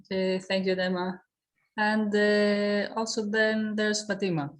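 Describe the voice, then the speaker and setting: A woman hosting a casual online video-call meeting, introducing participants in an informal, steady way with frequent fillers. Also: medium pitch, a little slow. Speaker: meeting host.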